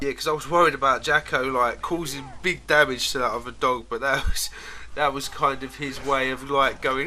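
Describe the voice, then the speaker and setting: Talking quickly in a sharp, slightly high voice, the man spins casual, rambling stories for the camera as a vlogger. Laughter comes often, and he frequently trails off mid-sentence.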